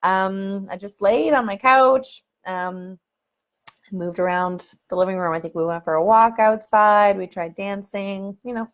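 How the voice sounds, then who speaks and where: A young adult woman from Canada, candidly telling a personal story in a casual vlog, laughing often and acting out remembered moments. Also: mid-range voice. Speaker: vlogger.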